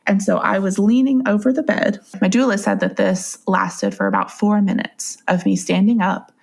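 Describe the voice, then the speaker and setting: A young woman recounts her own experience as a guest on a podcast. Her voice has a noticeable fry and gravel in it. She talks casually and conversationally, breaking into laughter often as she goes. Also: medium pitch, lively intonation, normal speed. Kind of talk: personal storytelling.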